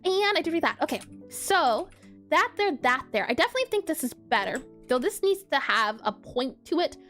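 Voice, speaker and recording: A woman's voice: high voice, big pitch swings, moderate pace, a bit bright, faint music behind. A woman streaming pixel art, chatting casually and bubbly as she draws, laughing often and answering her chat. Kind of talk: casual live-stream chat while drawing.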